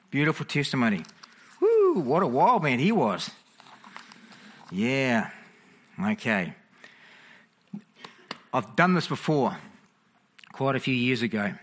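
A chatty male preacher with a bright, forward voice, speaking in an animated way. He keeps stopping to check that the congregation is following him. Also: mid-range voice. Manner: chatty, animated, frequent "okay?" check-ins. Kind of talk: sermon to a congregation.

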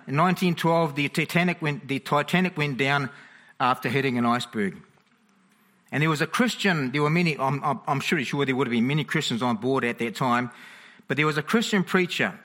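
A chatty male preacher with a bright, forward voice, speaking in an animated way. He keeps stopping to check that the congregation is following him. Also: mid-range voice, a little fast. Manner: chatty, animated, frequent "okay?" check-ins. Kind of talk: sermon to a congregation.

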